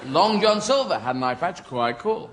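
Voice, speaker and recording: Rambling, high-voiced comedian. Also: male voice, very animated, normal speed. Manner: rambling, surreal, loses his thread. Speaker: stand-up comedian. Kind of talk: stand-up comedy. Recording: live stand-up with loud background noise.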